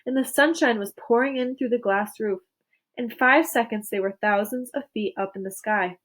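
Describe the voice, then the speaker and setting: A woman reading a children's novel aloud in an expressive way, pausing to ask questions about the story. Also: on the high side. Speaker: children's book reader.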